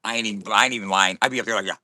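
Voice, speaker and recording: A man's voice: on the low side, fairly even intonation, rapid-fire, sharp tone. A man talking casually to camera in a morning vlog, boisterous and profane and laughing often. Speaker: vlogger.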